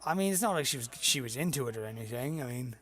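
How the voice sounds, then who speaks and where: A man's voice: medium pitch, lively intonation, quick pace, a bit bright, close to an everyday voice. A man, the game master, playing a boastful, crude male bagpiper who talks in a rambling, hesitant way. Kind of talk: tabletop role-play voice.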